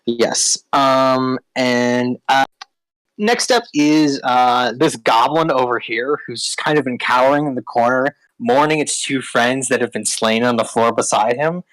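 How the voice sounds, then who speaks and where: A man running a tabletop game as dungeon master, talking haltingly with many ums and uhs. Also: medium pitch, fairly bright tone, no echo, poor audio.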